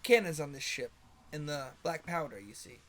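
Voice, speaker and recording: A man voicing a boastful male weapons keeper on a ship, talking loud and proud. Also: on the high side, animated, normal speed, crowd noise, close to an everyday voice.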